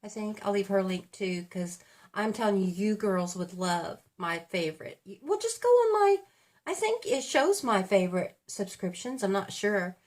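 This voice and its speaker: A woman's voice: mid-range voice, expressive, moderate pace. Fifty-something lady vlogging her faves, rambly chit chat, keeps fixing her own words. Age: 50s. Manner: rambling, chatty, self-correcting. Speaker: beauty vlogger. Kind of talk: casual chat.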